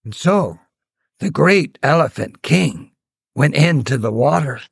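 A man telling a folktale in an improvised, slow and measured storytelling manner. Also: a little high, lively intonation, vocal fry, slightly rough, poor audio. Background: veena accompaniment.

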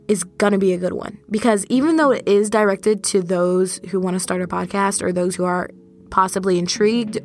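A young woman hosting her own podcast, talking casually and directly to her listeners in a relaxed, chatty monologue. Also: mid-range voice. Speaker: podcast host.

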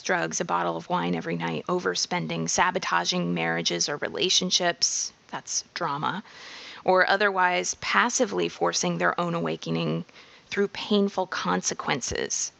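A woman giving a slow, measured reflective monologue on personal growth. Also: fairly low pitch, gravelly, bright, forceful tone. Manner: slow, measured, drops into whispers.

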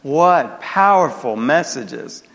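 High-voiced Southern pastor in a reverberant hall. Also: male voice, expressive, takes it slowly, a bit bright. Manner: call-and-response, asks congregation for amens. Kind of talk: sermon. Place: church sanctuary.

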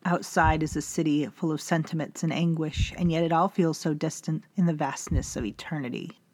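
A woman voicing a listless, dying male vampire who speaks in a slow, hollow, distant way. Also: low voice, steady tone, darkish tone, dry recording. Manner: slow, hollow, faraway delivery.

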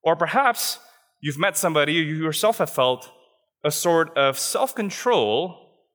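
A man's voice: on the high side, animated, measured pace, a bit bright. A young adult man preaching a sermon in an earnest, conversational way, often checking in with his listeners with "right?" asides. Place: church hall. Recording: long hall reverb.

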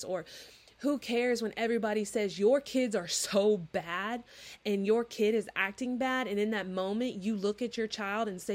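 A woman in her thirties preaching in a casual, chatty way, earnest and animated as she acts out little dialogues. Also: fairly high pitch, normal speed. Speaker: Christian podcast host. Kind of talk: informal preaching monologue.

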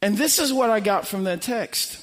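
High, lively-voiced man preaching. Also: moderate pace. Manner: emphatic, swinging from loud to hushed. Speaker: pastor. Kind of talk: sermon. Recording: long hall reverb.

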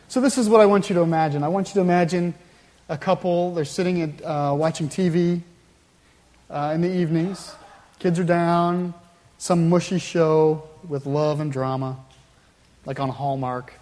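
A man's voice: on the high side, steady tone, moderate pace, a little mellow. A male pastor preaching a sermon in a conversational storytelling way, with wry asides. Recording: long hall reverb.

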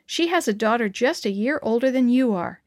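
A woman voicing a gentle mother of six, who speaks in a soft, reassuring way in a children's story. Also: fairly high pitch, animated, a little fast, no echo, clean studio sound, close to an everyday voice.

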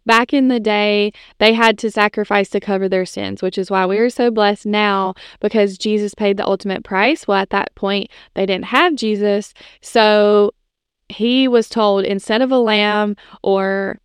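A woman's voice: mid-range voice, moderate pace, smooth, no room sound, clean studio sound. Chatty woman sharing a faith story. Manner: casual, chatty, frequent "like" and "you know". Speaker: podcast host.

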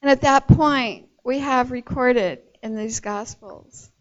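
A woman retelling a Bible story in a sermon, expressive and storytelling, with casual asides to her listeners. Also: on the high side, slow pace. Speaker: Bible teacher. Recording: dull lo-fi recording.

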